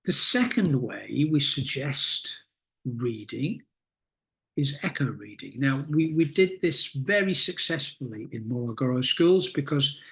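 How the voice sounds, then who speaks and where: A middle-aged man coaching teachers in a recorded lesson, explaining reading techniques in a deliberate, instructive way with many pauses. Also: medium pitch, expressive, vocal fry, fairly bright tone. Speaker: teacher trainer.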